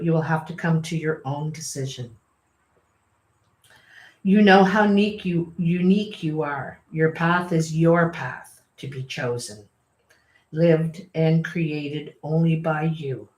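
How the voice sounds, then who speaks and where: Casting note: woman tarot reader, slow and lowish, chatty, echoey room. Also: a little mellow. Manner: chatty, apologetic, laughs often. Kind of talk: casual tarot reading.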